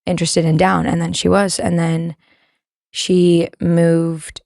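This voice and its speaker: A woman's voice: on the low side, little pitch movement, takes it slowly, gravelly, a little mellow, dry recording, clean studio sound. A young woman with a Canadian accent, a comedian guest on a podcast, talking in a chatty, rambling way. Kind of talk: casual interview chat.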